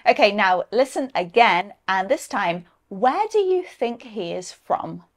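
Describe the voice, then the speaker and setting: Slow, careful Northern English woman teacher. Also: mid-range voice, big pitch swings. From north of England. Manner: slow, careful, modelling sounds clearly. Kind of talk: scripted lesson dialogue.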